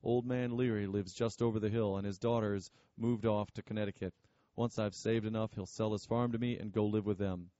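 A man's voice: lowish voice, fairly even intonation, fairly quick, dark tone, lo-fi sound, natural voice. A man voicing an earnest, confident young farmer who speaks politely and with determination.

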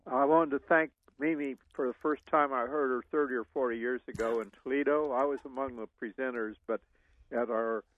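An older man, a retired scientist, calling a radio show to give thanks, speaking a bit haltingly. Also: mid-range voice, steady tone, no room sound, narrow, tinny audio. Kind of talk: call-in radio chat.

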